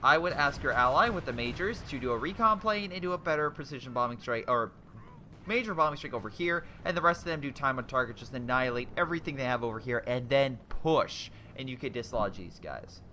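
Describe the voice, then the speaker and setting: Lively, bright-voiced young man commentating. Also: medium pitch, a little fast, slight background noise. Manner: excitable, exclaiming, rambling with restarts. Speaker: game replay commentator. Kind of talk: casual game commentary.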